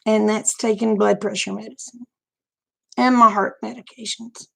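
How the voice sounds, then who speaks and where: A woman's voice: medium pitch, steady tone, moderate pace, creaky, bright, forceful tone, slightly rough. A middle-aged woman, chatting frankly and folksily to her viewers, laughing often. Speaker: vlogger. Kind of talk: casual livestream chat.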